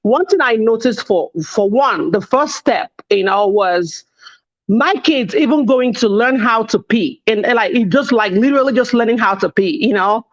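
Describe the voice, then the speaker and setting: A woman's voice: a little high, animated, moderate pace. Rambling woman co-host, lo-fi audio. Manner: rambling, many restarts and "you see what I'm saying". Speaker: podcast co-host. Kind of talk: casual panel discussion.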